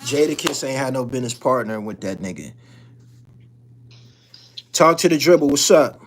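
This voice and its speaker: A man's voice: medium pitch, animated, moderate pace. A man hosting a live-stream call-in show, talking bluntly and profanely in a loose, rambling way with frequent restarts.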